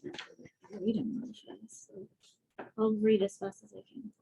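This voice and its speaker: A woman board member in a meeting, talking in a brisk, practical way and asking questions. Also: medium pitch, little pitch movement, creaky, dark tone, breathy edge, rough recording. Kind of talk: formal meeting discussion.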